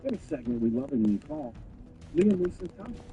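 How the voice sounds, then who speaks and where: A man's voice: a little high, big pitch swings, a little fast, dark tone, highs cut off, a little hiss or hum. A man hosting a comedy talk show, delivering wry, mock-serious and profane banter.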